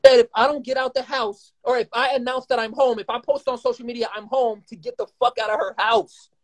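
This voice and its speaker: A man in his twenties talking heatedly and rapidly as a guest in a live conversation, swearing often and rambling. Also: very high-pitched, lively intonation, gravelly. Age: 20s. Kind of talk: emotional live-stream conversation.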